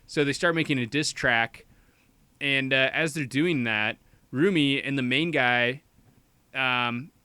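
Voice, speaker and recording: A young man casually recapping a movie plot as a podcast co-host, rambling with lots of "like" and quick quoted voices. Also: medium pitch, bright, forceful tone, smooth, dry recording.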